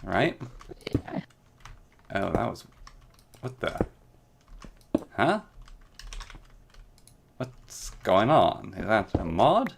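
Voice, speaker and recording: A man's voice: lowish voice, very animated, extremely slow, gravelly, pauses often, noisy background. A man chatting playfully through a gameplay stream, rambling with jokey asides. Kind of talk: casual gameplay commentary. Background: background music and keyboard typing.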